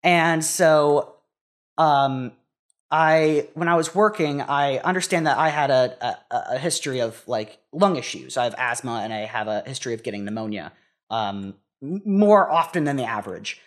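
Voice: medium pitch, animated, normal speed. A young adult talking in a casual conversation, hesitant and full of restarts. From United States. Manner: hesitant, many restarts and fillers.

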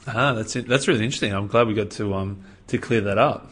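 Aussie bloke interviewer, lowish voice, relaxed and chatty. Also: male voice, fast, breathy edge. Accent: Australian. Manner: laid-back, with easy fillers. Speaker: podcast interviewer. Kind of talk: casual interview.

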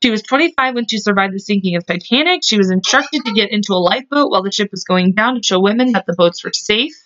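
A woman's voice: medium pitch, fast talker, fairly bright tone, no echo. Chatty woman podcaster, dull lo-fi sound. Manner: chatty and blunt, swears, jokes, mimics film lines. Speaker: podcast co-host. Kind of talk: casual chat, reading out history notes. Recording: dull lo-fi recording.

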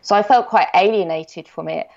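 A woman guest talking casually in an interview, telling stories with lively quoted exchanges and frequent laughs. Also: mid-range voice, moderate pace, vocal fry. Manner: animated anecdotes, acts out quoted exchanges, laughs often. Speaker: guest, designer and illustrator. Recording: dull lo-fi podcast recording.

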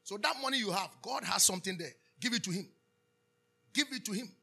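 A man's voice: sits high, expressive, brisk, creaky, bright, forceful tone, husky. A man with a Ghanaian accent preaching a sermon as pastor, calling out questions for the congregation to answer and slipping into Twi. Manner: preaching with call-and-response questions, switching into Twi.

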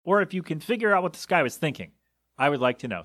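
A man's voice: a little high, very animated, fast talker, a bit bright, dry recording, studio quality. A man hosting a solo podcast from a small windowless room, rambling in an exasperated, incredulous way. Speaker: podcast host. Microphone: home podcast mixer setup.

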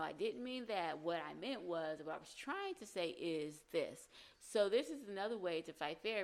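A woman's voice: on the low side, vocal fry. A woman giving conversational relationship advice, often acting out short example dialogues. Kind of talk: advice talk to camera.

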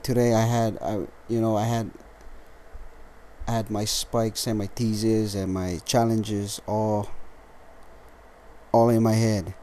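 A tired, lethargic man hosting a casual solo podcast, rambling with halting restarts and frequent swearing. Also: lowish voice, dark tone. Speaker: podcast host.

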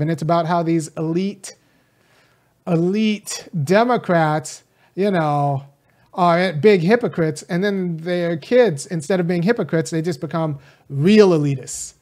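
A man's voice: a little high, a little mellow. A man from California who teaches college, speaking to camera in a casual political monologue. He talks with conviction, addresses his viewers directly and wanders into rambling asides.

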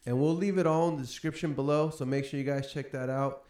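A man's voice: on the high side, fast talker. Roomy-sounding male podcast host. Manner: animated, laughs often while telling stories. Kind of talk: casual storytelling chat. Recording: roomy echo.

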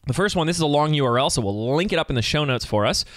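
Energetic male podcast host, dry close sound. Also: fairly high pitch, rapid-fire, dry recording. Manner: energetic, conversational, coaching tone. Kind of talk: solo podcast monologue.

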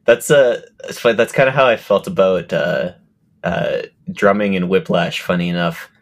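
A man's voice: deep voice, moderate pace. A man co-hosting a film podcast, talking casually with many fillers and restarts. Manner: hesitant, many fillers, laughs often. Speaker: podcast co-host. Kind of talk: casual chat.

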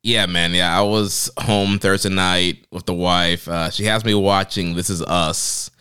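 A man co-hosting a podcast in relaxed, loose casual chat with plenty of fillers. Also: low-pitched, measured pace, clear, resonant tone. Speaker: podcast co-host.

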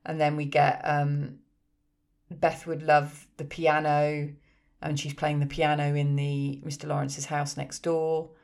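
A woman's voice: deep voice, completely flat delivery, a little slow, creaky, darkish tone. A woman co-hosting a casual film podcast, eagerly recounting the story and defending it with laughter. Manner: enthusiastic, patiently explaining with laughter. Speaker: podcast co-host. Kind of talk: casual chat.

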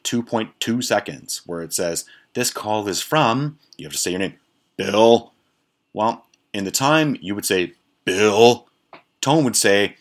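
Low-voiced man telling a rambling story. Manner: profane, rambling, animated anecdote telling. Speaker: podcast host. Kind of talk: casual storytelling.

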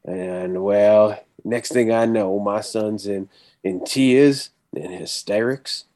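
A man voicing a stern rancher with a shotgun, in a halting put-on Southern drawl. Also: fairly low pitch, darkish tone, dry recording. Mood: grim.

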